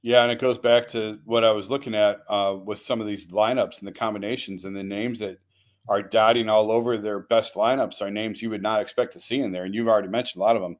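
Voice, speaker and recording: A man's voice: lowish voice, steady tone, quick pace. A man who writes about sports, talking in an easygoing way as a guest on a talk show. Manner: easygoing, hedging with fillers.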